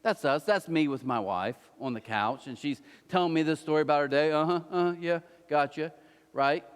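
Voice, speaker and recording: A man preaching a conversational sermon who acts out little scenes in quick put-on voices. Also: a little high, expressive. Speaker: pastor. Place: church auditorium. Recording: long hall reverb.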